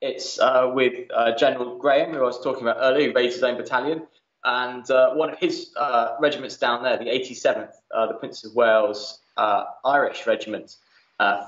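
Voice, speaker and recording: A male museum manager chatting as a podcast guest, often pausing on "uh" as he talks. The recording is roomy and a little dull, with a hint of reverb. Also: mid-range voice, fairly bright tone. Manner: chatty, lots of "uh" fillers. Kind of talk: casual interview chat.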